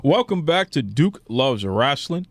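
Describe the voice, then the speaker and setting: Male podcast host, mock-indignant ribbing, very animated delivery. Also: mid-range voice, unhurried, no room sound. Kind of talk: casual bantering chat.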